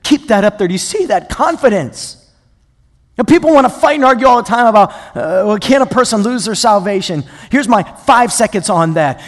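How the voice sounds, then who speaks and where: A male pastor preaching a sermon with passion, moving between loud emphatic bursts and quiet asides. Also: high-pitched, animated, normal speed. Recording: long hall reverb.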